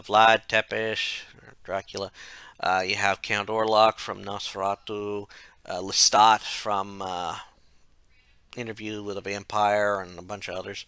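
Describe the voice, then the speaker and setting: Bright rambling male game reviewer. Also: lowish voice, creaky, clean tone, no echo. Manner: rambling, self-correcting, wry asides. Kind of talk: casual retrospective narration.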